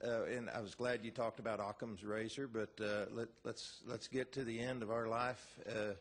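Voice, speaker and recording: Man, lowish voice, audience questioner, hesitant, halting, lots of uhs. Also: little pitch movement. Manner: hesitant, halting, many fillers. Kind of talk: asking a question at a debate.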